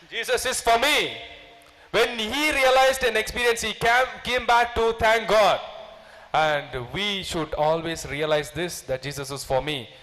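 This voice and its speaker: A man with a high-sitting, pushed and bright voice preaches a sermon at a measured pace, with long hall reverb around him. He asks the congregation questions and leads them in repeated call-and-response prayer.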